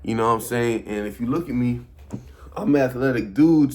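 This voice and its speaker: A man's voice: medium pitch, a little fast, darkish tone. A man in his early thirties talking casually to camera, loose and repetitive, full of slang and "you feel me?" checks. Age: early 30s. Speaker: vlogger.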